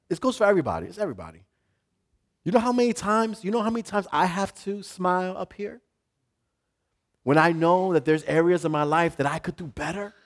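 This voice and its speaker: A male pastor preaching a sermon to a live congregation, building from quiet talk to shouting. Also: high-pitched.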